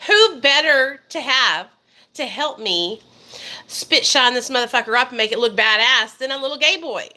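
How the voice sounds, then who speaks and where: A woman's voice: high-pitched, lively intonation, normal speed, sharp tone. A woman, telling a story to her viewers in a profane, emphatic way. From Arkansas, USA. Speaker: vlogger. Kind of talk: casual storytime monologue.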